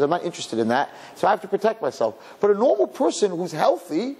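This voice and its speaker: Brief: male rabbi preaching, animated and rhetorical, fairly high voice, very lively pitch. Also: slightly rough. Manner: animated, rhetorical, humorous, with Hebrew and Yiddish words. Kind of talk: sermon.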